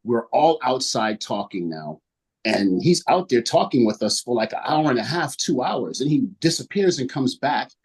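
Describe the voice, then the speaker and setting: A man's voice: mid-range voice, big pitch swings, normal speed, a little mellow, husky. A young man testifying at a hearing over a video call, rambling through his story and acting out what others said. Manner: rambling storyteller, acts out quotes in other voices. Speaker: witness at a licensing hearing.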